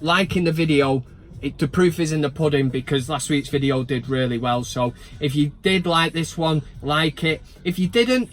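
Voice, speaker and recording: This football fan vlogger, filming himself in a van, talks casually about his club through jokey banter, swearing and mock outrage. His voice leans high and his pace is moderate.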